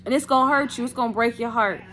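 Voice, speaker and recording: A woman's voice: fairly high pitch, fast, a bit bright. A woman giving an impassioned personal testimony on her vlog, emphatic and preachy, calling out to "y'all". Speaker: vlogger.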